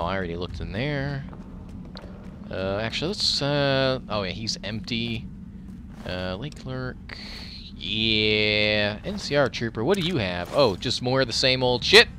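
A man giving let's play commentary over his gameplay. He reacts loudly and profanely, talks back at the enemies and mutters while he loots. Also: mid-range voice, background noise. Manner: excitable, profane, talks to the game as he plays. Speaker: gaming commentator.

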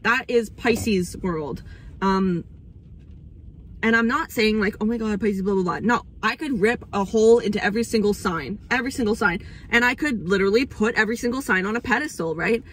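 Her voice is medium-pitched, a bit bright and slightly rough, moving at a moderate pace. As host of an astrology channel, the young woman rambles through a casual spiritual monologue, swearing freely and getting emotional at points.

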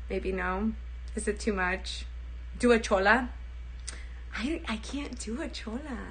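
A woman's voice: a little high, a little hiss or hum. A young woman livestreaming casually, chatty, giggly and self-deprecating.

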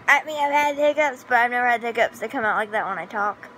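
Bright, rambling woman vlogger. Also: on the high side, moderate pace, a little hiss or hum, rough recording. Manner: rambling, self-correcting, giggly. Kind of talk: casual vlog chat.

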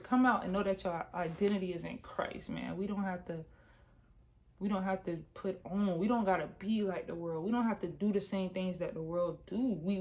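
A young woman talking to camera in a casual, heartfelt testimony, earnest and repetitive with slangy asides. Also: fairly low pitch. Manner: earnest, repeats herself, slangy ("bro", "y'all"). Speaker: Christian vlogger sharing testimony.

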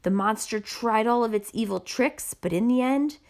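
A woman reading a children's picture book aloud with expressive narration. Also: fairly high pitch, normal speed. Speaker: storybook reader.

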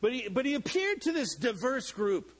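Lively, joking middle-aged male pastor. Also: very high voice, moderate pace, low-quality recording. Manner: lively, joking, acts out the people in the story. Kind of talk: sermon. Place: church sanctuary.

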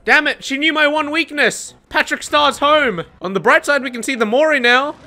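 A young woman giving casual, excitable commentary over her own gameplay, swearing and laughing often. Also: high-pitched, brisk, faint music behind. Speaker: gaming streamer.

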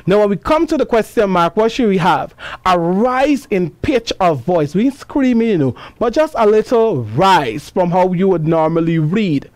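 A woman's voice: mid-range voice, lively intonation, darkish tone, dry recording. A woman teaching a class lesson, asking questions and answering them herself. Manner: slow, deliberate, asks questions and answers them; reads passages aloud with expression.

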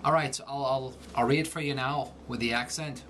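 A man teaching an accent lesson, explaining clearly and methodically. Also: mid-range voice, fairly even intonation, fairly quick, a bit bright, slight background noise. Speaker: accent coach. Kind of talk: instructional lesson.

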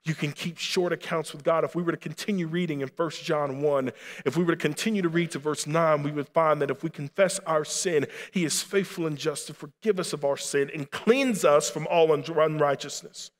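A man's voice: on the high side, a little fast, long reverb tail. A man preaching a sermon as pastor, earnestly, building to impassioned appeals. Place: church sanctuary.

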